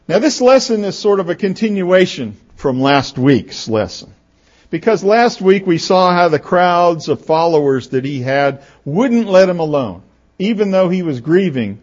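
Animated male pastor preaching. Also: a little high. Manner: expressive storytelling, voices the characters. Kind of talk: sermon with scripture reading. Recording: dull lo-fi recording.

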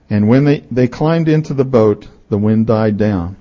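A male pastor with a fairly low voice reads scripture and preaches at a moderate pace with few pauses. He tells the stories expressively, acting out each character's lines, and the recording sounds dull and lo-fi.

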